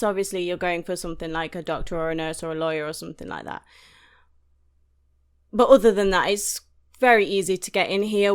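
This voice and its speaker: A woman's voice: mid-range voice, smooth. A British woman hosting a movie reaction, talking frankly and sarcastically with lots of "like" in a casual chat. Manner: frank, sarcastic ranting with many "like"s.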